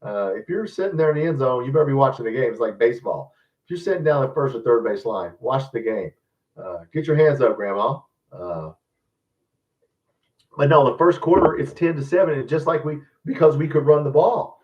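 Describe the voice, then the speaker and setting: A man's voice: mid-range voice, expressive, brisk, recorded from a distance, lo-fi sound. A man hosting a live fan stream, ranting bluntly and rambling about football, often calling his viewers guys. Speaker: fan channel host. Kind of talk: live-stream sports commentary, casual rant.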